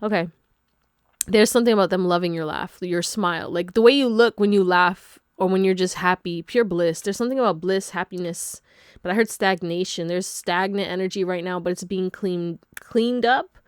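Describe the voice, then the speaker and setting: A woman's voice: on the low side, normal speed, clear, resonant tone, no room sound, studio quality. A woman giving a casual pick-a-card tarot reading. She is chatty, laughs often and throws slangy asides to her viewers. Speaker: tarot reader.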